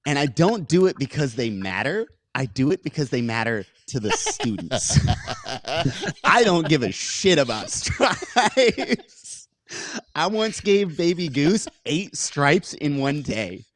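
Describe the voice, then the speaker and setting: Male co-host, blunt and laid-back, lively pitch, dry sound. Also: slow pace, no echo. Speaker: podcast co-host and coach. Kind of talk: casual podcast banter.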